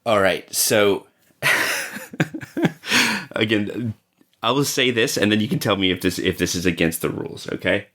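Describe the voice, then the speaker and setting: A man playing a tabletop game, deliberately talking through his moves. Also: on the low side, a bit bright. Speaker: player.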